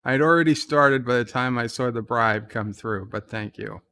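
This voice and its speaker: A man's voice: moderate pace, pushed and bright. A man hosting a live stream, chatting casually and reading viewer comments aloud, with a slight New York accent and a dry, offhand manner. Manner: reads chat messages in a raised, livelier voice, then answers in a dry, low aside.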